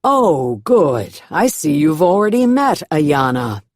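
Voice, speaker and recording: Woman narrator doing a soft-spoken Southern preacher, benevolent and drawling, slow and a touch lower, dry close audiobook sound. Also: sing-song, dry recording, heavily acted. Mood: pleased. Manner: slow, drawling, calling out across a stage. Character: benevolent middle-aged male Southern reverend.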